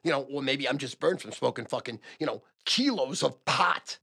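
A brash older man talks to camera in a loud, profane rush, hammering the same phrases again and again. His voice is gravelly and bright-edged, and his pitch swings widely as he pushes each point. He sounds like a man who has spent decades selling sports picks. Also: expressive, moderate pace. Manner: loud, profane and emphatic, repeating phrases for punch. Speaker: sports gambling advisor and show host. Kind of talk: casual monologue to camera.

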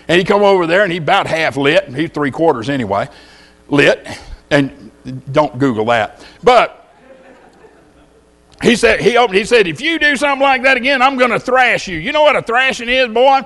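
A man's voice: on the high side, very animated, moderate pace, a bit bright. A man with a Texan accent preaching a sermon in church, telling folksy stories and firing rhetorical questions at the congregation.

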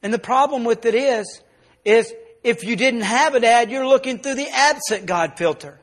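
A male pastor preaching a sermon, telling a personal story and dropping soft and low in the emotional parts. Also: moderate pace.

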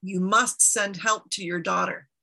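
A woman's voice: medium pitch, fairly even intonation, a little slow, vocal fry, pushed and bright, full character voice. A woman voicing a faithful, worried female friend of a goddess, pleading for help. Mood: urgent. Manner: urgent, pleading.

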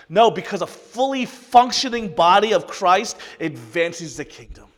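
A man preaching a sermon to his congregation, earnest and emotional, his delivery swinging from loud, rising peaks to hushed, soft passages. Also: high-pitched, expressive, normal speed, few pauses, long reverb tail. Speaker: pastor.

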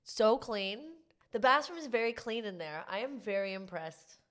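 A woman's voice: medium pitch, moderate pace. Playful woman, chatty comedian guest. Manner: animated, playful, swears, overshares. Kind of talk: casual chat.

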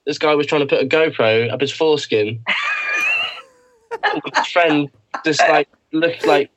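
A man's voice: on the high side, measured pace, fairly bright tone, shouting, muffled recording. Man telling a rambling story. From England. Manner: laughs through his story, rambling. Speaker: podcast co-host. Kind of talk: casual chat, telling an anecdote.

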